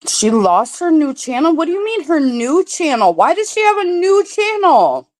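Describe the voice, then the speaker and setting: A woman talks casually on a livestream, her pitch swinging widely as she tells stories. She swears freely and speaks with lively animation. The sound is dry and close. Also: moderate pace, no echo. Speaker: livestream guest. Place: home.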